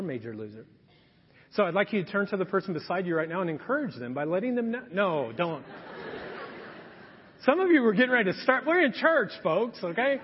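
A man's voice: high voice, slightly rough. A man in his thirties, a pastor, preaching a sermon with playful asides and acted-out stories. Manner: storytelling with acted-out quotes, humorous asides. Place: church sanctuary. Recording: dull lo-fi sound with long hall reverb.

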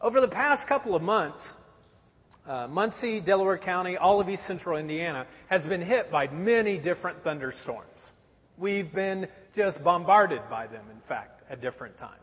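A man in his thirties preaching a sermon, telling stories about his young children in a lively storytelling way. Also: high-pitched, moderate pace, husky. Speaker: pastor. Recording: dull recording in a reverberant hall.

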